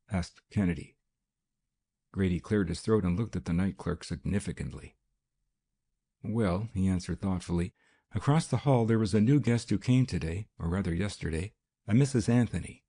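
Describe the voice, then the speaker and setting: A man narrating a detective novel as an audiobook in a measured, even reading style. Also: on the low side, breathy edge. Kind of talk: scripted narration.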